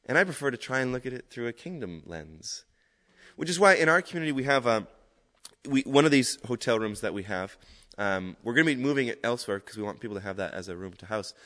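Guy preaching, chatty and animated, long hall echo. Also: medium pitch, fast. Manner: conversational, animated storytelling. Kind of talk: sermon. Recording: echoey hall.

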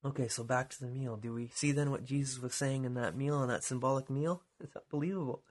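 A man preaching a sermon with a husky voice, dropping to quiet lines and then rising to loud, dramatic calls. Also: mid-range voice, steady tone, fast. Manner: dramatic, swings from hushed to shouting.

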